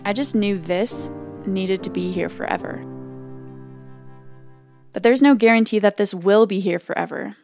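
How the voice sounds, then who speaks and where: Calm woman narrating a documentary. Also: mid-range voice, measured pace, creaky, long pauses, soft background music. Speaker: reporter and narrator.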